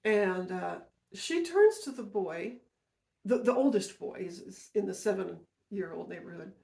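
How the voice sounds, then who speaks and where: A woman's voice: medium pitch, animated, unhurried, vocal fry, darkish tone. A woman podcast host telling a personal story in a casual, rambling way, often correcting herself and going off on asides. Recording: roomy echo.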